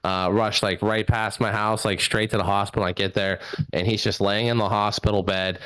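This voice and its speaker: A man's voice: fairly low pitch, level tone, moderate pace, fairly bright tone, clear, resonant tone, no echo. A young man doing a stand-up set over a video call from a home microphone, rambling loosely and laughing at his own jokes. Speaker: stand-up comedian.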